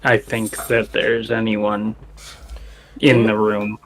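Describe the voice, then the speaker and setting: A man's voice: on the low side, little pitch movement, slight background noise. A man playing in a tabletop game, thinking aloud as he decides what his character does. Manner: slow, deliberating, thinking aloud. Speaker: player. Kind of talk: casual tabletop play.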